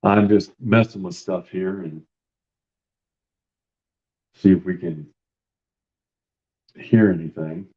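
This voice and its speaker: A man's voice: low voice, slow pace, pauses often, darkish tone, lo-fi sound. A man investigating a house for a live stream, talking to himself as he sets up recording gear. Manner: mutters to himself while setting up equipment. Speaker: paranormal investigator. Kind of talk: casual live-stream chat.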